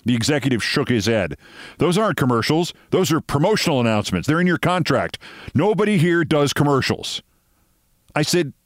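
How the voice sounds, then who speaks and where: A man's voice: fairly high pitch, no echo, clean studio sound. A middle-aged man hosting a show, telling a long story in a wry, sardonic way and acting out both sides of the conversation. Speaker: host. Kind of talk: storytelling monologue.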